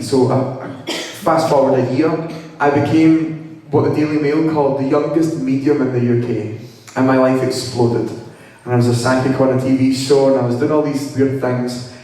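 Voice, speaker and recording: A young man at middle pitch tells a personal story to a live audience, playful and animated as he acts out conversations. His voice comes from well away from the mic and rings around a large hall with a long echo. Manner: lively, humorous, acts out quoted dialogue. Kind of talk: storytelling talk. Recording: echoey hall from far off.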